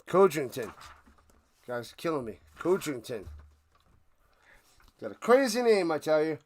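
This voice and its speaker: Man, slightly high voice, livestream watch-party host, casual play-by-play, jokey excitable asides. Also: brisk.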